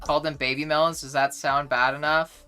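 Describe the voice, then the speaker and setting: A woman's voice: deep voice, level tone, normal speed, pushed and bright, soft background music. A young woman streamer chatting casually with her chat, rambling and blunt, swearing often and full of fillers and restarts.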